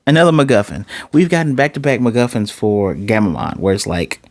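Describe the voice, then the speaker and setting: A man giving a casual, excitable episode recap and review, jumping into different voices for the characters. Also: fairly low pitch, fairly quick, dry recording. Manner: excitable, acts out characters' lines in shifting voices. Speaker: anime reviewer.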